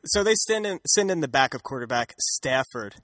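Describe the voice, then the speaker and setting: A man co-hosting a podcast laughs and plays around as he recaps a comic, acting out its quotes in casual comedic chat. His medium-pitched, slightly bright voice swings widely in pitch at a moderate pace, recorded dry in studio quality.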